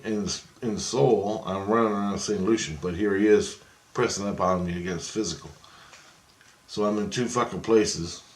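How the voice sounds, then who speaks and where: A man ranting in an agitated, profane monologue about his spiritual experiences, heavy on swearing. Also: fairly low pitch. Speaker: vlogger. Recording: echoey room.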